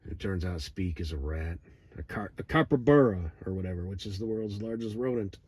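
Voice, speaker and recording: A middle-aged man telling a rambling, digressive story in a profane, deadpan way. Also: low-pitched, brisk, slightly rough. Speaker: vlogger. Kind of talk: rambling monologue.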